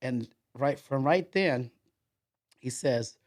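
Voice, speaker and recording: A man's voice: mid-range voice, normal speed, vocal fry. A man being interviewed as a podcast guest, telling a story in a rambling way, with many repeated fillers and restarts.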